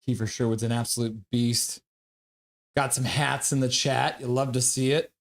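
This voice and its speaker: A man's voice: mid-range voice, steady tone, normal speed, gravelly. A man giving live hockey play-by-play commentary for his stream audience, reading viewer chat aloud.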